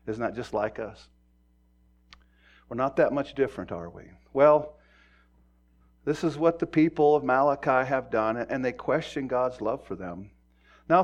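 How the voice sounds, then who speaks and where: A middle-aged man preaching a sermon in a conversational way, acting out quoted voices and moving from quiet talk to loud emphasis. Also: mid-range voice. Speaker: pastor.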